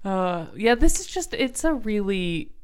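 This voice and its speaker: A woman's voice: mid-range voice, very animated, measured pace, a little mellow, clear, resonant tone. A young adult woman co-hosting a book podcast, talking casually and thoughtfully, searching for words with many fillers.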